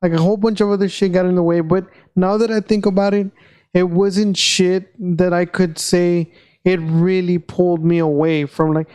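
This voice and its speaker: Young man musing, halting and high. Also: flat delivery, a little mellow, smooth. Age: young adult. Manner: reflective, halting, many restarts. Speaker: podcast host. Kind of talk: casual chat.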